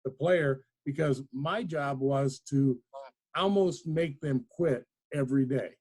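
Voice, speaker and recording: A man's voice: medium pitch, takes it slowly, a little mellow, breathy edge. A man hosting a casual interview talks like the former coach he is. He is plainspoken and emphatic. He drives his points home by repeating them. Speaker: podcast host, former coach.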